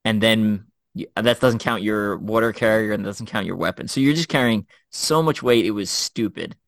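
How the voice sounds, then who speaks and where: A middle-aged man recalls his training days in a relaxed podcast conversation. His voice sits fairly low and sounds close and dry. He tells stories animatedly, with frequent fillers and self-corrections. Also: normal speed, no echo. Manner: animated storyteller, many fillers and restarts. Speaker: former Special Forces officer, guest co-host. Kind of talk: casual podcast chat, storytelling.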